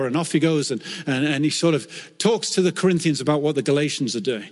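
A man preaching a sermon as a pastor, telling stories in an earnest, animated way that lifts when he quotes scripture. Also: on the high side, fast talker, hardly any pauses. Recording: long hall reverb.

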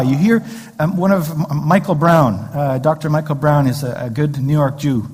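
A man's voice: fairly high pitch, moderate pace, a little mellow, husky. A man pastor giving a conversational sermon in a church sanctuary, with joking asides and rhetorical questions, heard with long hall reverb.

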